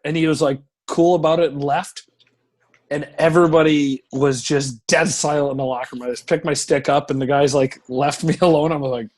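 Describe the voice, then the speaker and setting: A man in his thirties tells locker-room stories in a fairly high voice. He talks casually and profanely, and jumps into loud acted-out lines when he quotes the shouting. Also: a little fast. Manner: profane, animated storyteller who acts out shouting. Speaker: professional hockey goaltender, podcast guest. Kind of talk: casual storytelling interview.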